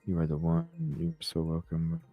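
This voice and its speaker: A man with a very low voice hosts a late-night podcast, sounding tired and yawning as he chats loosely with his viewers. He swears freely and reacts to their comments as they come in. The sound is dry and close, with faint music underneath. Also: very animated, normal speed, no echo, phone-quality sound. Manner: casual, swears freely, reads and answers chat. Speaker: podcast host.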